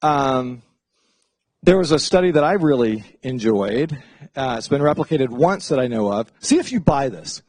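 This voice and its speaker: A middle-aged man giving a casual classroom lecture as a psychology professor, chatty and animated, often slipping into playful voices for asides. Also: mid-range voice, moderate pace, no room sound.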